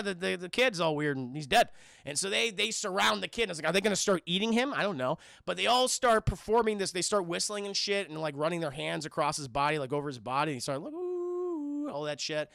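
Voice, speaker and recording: A high-pitched man with a gravelly edge, bright and forceful, swearing constantly as he recounts a movie to his livestream chat. He jumps into shrill character voices mid-sentence. The sound is close and dry. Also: fairly quick, no room sound. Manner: profane, animated retelling, often addressing chat, acting out characters in high voices. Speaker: streamer reviewing a film.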